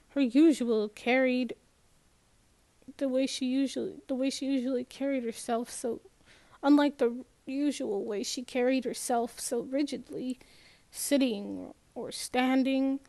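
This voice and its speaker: A woman reading a first-person novel aloud in a measured way, with small restarts and slips. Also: high voice, steady tone, vocal fry, darkish tone, no echo. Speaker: audiobook narrator.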